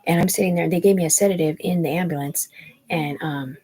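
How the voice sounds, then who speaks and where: A woman's voice: lowish voice, fast talker, dark tone, a little hiss or hum, low-quality recording. A woman in her forties telling a long personal story on a livestream, rambling and agitated, swearing often and restarting her sentences. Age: 40s.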